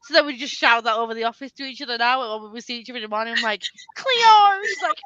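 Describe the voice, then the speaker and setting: A woman's voice: a little high, steady tone, racing, sharp tone, smooth, dry recording. A woman hosting a casual chat, laughing often and swearing freely. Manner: laughs often, swears, slips into silly voices. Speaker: host.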